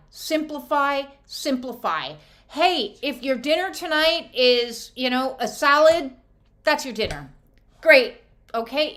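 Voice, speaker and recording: A woman's voice: sits high, a bit bright. A middle-aged woman giving a casual spiritual card reading, chatty and blunt, swearing freely and laughing often. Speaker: oracle card reader.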